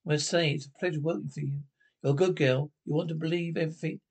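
A man with a gravelly voice speaking fussy, flustered dialogue in a 1970s period film comedy. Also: on the high side, fairly even intonation, quick pace.

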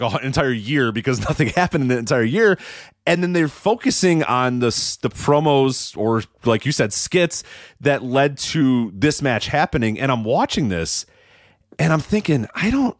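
A man co-hosting a casual wrestling podcast, talking in an animated, mocking way and acting out quotes. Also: medium pitch, dry recording, clean studio sound. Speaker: podcast co-host.

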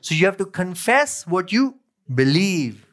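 A man's voice: high-pitched, big pitch swings, measured pace, a bit bright. A male pastor preaching a sermon, reading scripture aloud, repeating key phrases and asking his listeners questions. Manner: asks the congregation questions.

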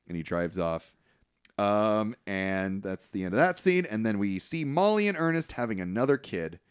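A man's voice: low-pitched, lively intonation, moderate pace, smooth. A man casually recapping a film's plot on a podcast, acting out the characters' lines as he goes and swearing freely. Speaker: podcast co-host. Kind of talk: casual movie recap chat.

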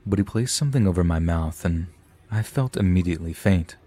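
Deep voiced guy reading a scary story on a podcast, kinda dry. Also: a little fast, over a noisy crowd.

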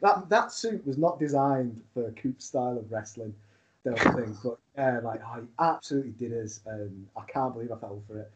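A man, a wrestler guest, telling a long funny story in a casual, animated way with laughs. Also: medium pitch, moderate pace, a little hiss or hum.

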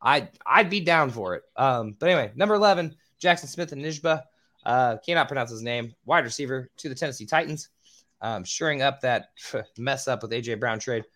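A man's voice: medium pitch, animated, brisk, fairly bright tone. Casual, swearing man hosting a podcast. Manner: casual, swears, stumbles over names. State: squeaky voice. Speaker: podcast host.

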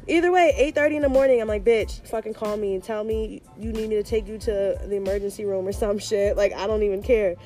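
Quick and barely pausing, a mid-range young woman's voice plays over soft background music. In her twenties, she's recounting a story in casual conversation, swearing freely and animatedly impersonating whoever she quotes.

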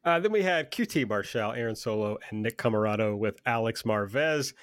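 A man's voice: fairly low pitch, lively intonation, a little fast, fairly bright tone, smooth, dry recording, studio quality. A man co-hosting a casual wrestling podcast, talking heatedly and swearing freely. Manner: profane, heated, fired up. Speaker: podcast co-host. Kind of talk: casual wrestling recap chat.

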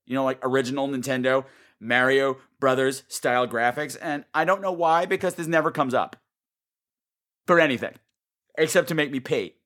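A man's voice: mid-range voice, steady tone, moderate pace, a bit bright. A man hosting a podcast, ranting sarcastically about a bad movie, swearing and squealing as he acts out scenes. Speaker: podcast host. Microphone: home mic turned up high.

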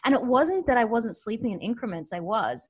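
A woman in her thirties talks openly in a casual podcast chat, her voice sitting a little on the high side. She is frank and blunt, and she swears without a second thought. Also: very animated, fairly quick, breathy edge.

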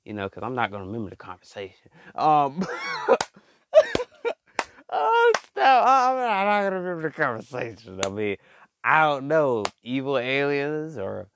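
A man's voice: mid-range voice, sing-song, brisk, fairly bright tone, a little hiss or hum. A man vlogging in a casual monologue who stammers and repeats words, talks in slang and calls his listeners y'all and bro.

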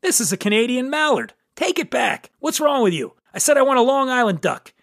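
A man's voice: high voice, animated, normal speed, fairly bright tone, no echo, clean studio sound. A man voicing a fussy, demanding woman shopper in a joke, bossy and indignant.

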